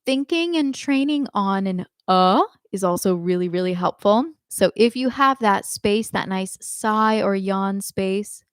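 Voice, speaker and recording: A woman's voice: medium pitch, unhurried, hardly any pauses, clean tone, no room sound, clean studio sound. A young adult woman teaching a live online singing lesson, explaining in a friendly way with frequent ums and short sung demonstrations.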